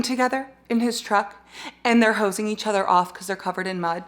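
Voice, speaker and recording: Speaking fairly quickly at a medium pitch, a young book vlogger chats casually at home in the bathroom as she does her makeup. She raves about books, laughing often and cursing without hesitation.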